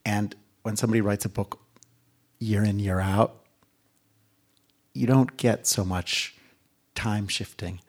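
Brief: man, low pitch, gravelly fry, thoughtful onstage intro, drawn-out phrasing with hushed emphasis. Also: fairly even intonation. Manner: slow and deliberate, stretching words and sinking to a near-whisper for emphasis. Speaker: onstage conversation partner introducing an author. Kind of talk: reflective spoken introduction.

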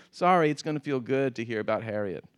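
Halting middle-aged man in conversation. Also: mid-range voice, lively intonation. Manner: halting, repeats words, laughs often. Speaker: guest. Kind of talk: conversational interview.

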